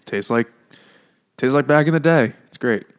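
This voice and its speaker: A man's voice: mid-range voice, expressive, moderate pace, clear, resonant tone. A man co-hosting a casual podcast, joking, laughing often and drinking beer as he talks. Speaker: podcast co-host. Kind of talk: casual drunk banter.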